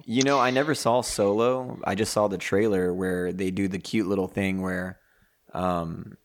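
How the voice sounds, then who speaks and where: A man in a casual chat, animated and jokey, swearing casually. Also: low voice, a little slow, a little hiss or hum.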